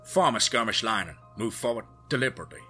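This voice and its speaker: A man's voice: mid-range voice, lively intonation, fast talker, sharp tone, faint music behind. A man voicing a decisive male team leader giving firm orders in a spoken story. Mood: commanding.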